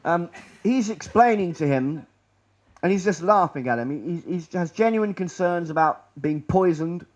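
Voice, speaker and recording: A man's voice: sits high, expressive, normal speed, highs cut off. A man giving a rambling, sarcastic talk over slides, full of restarts and asides. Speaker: conspiracy lecturer.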